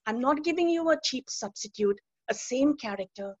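Woman preacher, higher husky voice, earnest testimony over a muffled video call. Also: lively intonation, moderate pace, no room sound. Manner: earnest, emphatic, repeats key phrases. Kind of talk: testimony and teaching talk. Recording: dull lo-fi webinar audio.

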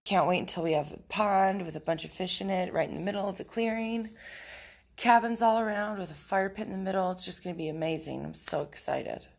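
A woman's voice: fairly low pitch, steady tone, fairly quick, gravelly. A woman telling a story in a casual vlog, blunt, profane and rambling, recorded outdoors in nature. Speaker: vlogger.

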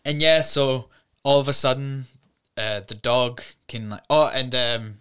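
Bright, crisp-voiced man retelling a film. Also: mid-range voice, unhurried. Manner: animated storyteller, retells scenes with fillers and laughs. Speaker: podcast co-host. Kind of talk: casual film review chat. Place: studio.

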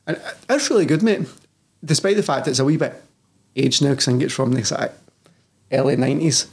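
A Scottish personal trainer in his thirties talks candidly as a guest in a casual podcast chat, swearing freely and constantly calling the host "mate." His voice is mid-range, creaky and husky, and brisk.

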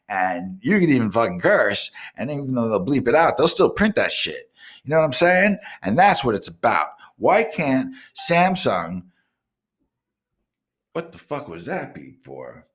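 Guy on the radio ranting, swearing nonstop, lowish voice, gets loud and fired up. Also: slightly rough. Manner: profane, ranting, swears constantly; bursts into loud indignant outbursts. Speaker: radio show host. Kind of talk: rambling on-air rant.

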